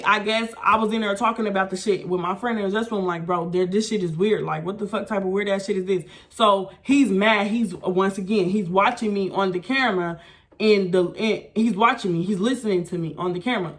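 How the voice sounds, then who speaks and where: Mulher contando uma história, sem filtro. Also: female voice, medium pitch, brisk. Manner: blunt, profane, animated retelling. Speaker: vlogger. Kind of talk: storytime vlog rant.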